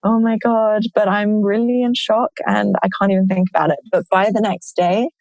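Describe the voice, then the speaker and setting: A woman guest telling her own story in an open, animated way, with many "like" fillers. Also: medium pitch, a little fast, gravelly, no room sound, lo-fi sound. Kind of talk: personal storytelling in a conversation.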